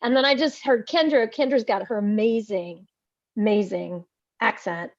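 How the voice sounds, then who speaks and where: A woman's voice: a little high, no room sound. A woman with a Southern accent co-hosting a livestream, chatting casually with lots of fillers and restarts. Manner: chatty, halting with many fillers. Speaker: podcast co-host. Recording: dull lo-fi stream audio.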